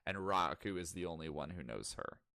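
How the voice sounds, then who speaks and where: Deep-voiced man recapping a manga. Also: fairly quick, vocal fry, no echo, studio quality. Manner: animated storytelling, swears casually. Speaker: podcast co-host. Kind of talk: casual chat.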